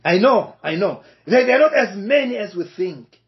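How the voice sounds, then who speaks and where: A man preaching a sermon, slow and emphatic, repeating key phrases for weight. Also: sits high, big pitch swings. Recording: dull lo-fi recording.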